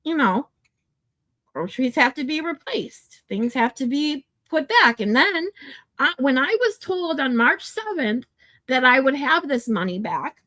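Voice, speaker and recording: A high-voiced woman hosting a casual livestream, venting in a worked-up rant full of swearing. Between outbursts she chats directly with her viewers and answers their messages. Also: lively intonation, unhurried, pushed and bright. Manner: worked-up, profane, swears freely; chatty, reads and answers chat. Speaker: livestream host.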